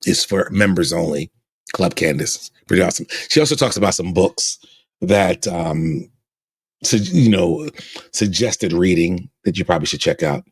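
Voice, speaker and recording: Casting note: podcast host, very low husky voice, animated and repetitive. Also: male voice, moderate pace, no room sound. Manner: animated, stammering repeats when excited. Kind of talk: excited podcast commentary.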